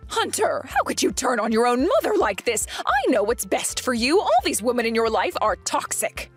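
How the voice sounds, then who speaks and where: A woman voicing a domineering older mother-in-law who scolds in a shrill, self-righteous way. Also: very animated, moderate pace, slightly rough, soft background music. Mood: pleading. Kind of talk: animated story voice acting.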